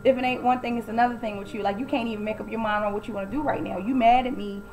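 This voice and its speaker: Woman ranting about a tv episode, kinda high voice, faint hiss behind. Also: fairly even intonation, very fast, darkish tone, poor audio. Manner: blunt, opinionated, acts out quoted lines. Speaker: TV recap vlogger. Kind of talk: casual recap commentary.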